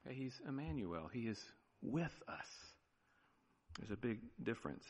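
Animated male pastor preaching in a hall. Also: mid-range voice, normal speed. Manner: animated preaching, drops to quiet emphasis. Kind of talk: sermon.

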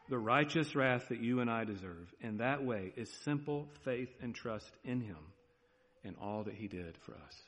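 A man preaching a sermon as pastor, earnest and pleading, moving between loud urging and a soft hush. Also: medium pitch, expressive, normal speed, long reverb tail.

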